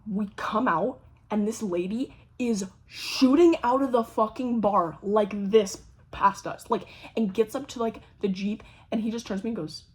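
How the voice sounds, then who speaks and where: A young woman with a husky, slightly breathy voice tells a story to her camera in a loose, chatty way. She is animated, swears freely and slips into quick impressions of the people in her tale. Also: mid-range voice. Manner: animated, swears a lot, acts out quoted voices. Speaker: vlogger. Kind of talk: casual storytelling.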